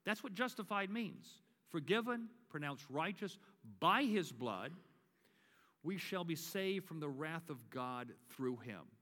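A man's voice: fairly high pitch, sing-song, takes it slowly, sharp tone. A male pastor giving a sermon and leading communion. He builds to emphatic preaching and repeats his key phrases. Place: church sanctuary. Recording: long reverb of a large church.

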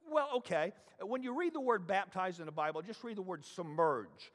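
High-voiced man preaching in a reverberant hall. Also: expressive, moderate pace, few pauses, fairly bright tone. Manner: emphatic and conversational, asking the audience rhetorical questions. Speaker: pastor. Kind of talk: sermon. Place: church sanctuary. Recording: long reverb of a large hall.

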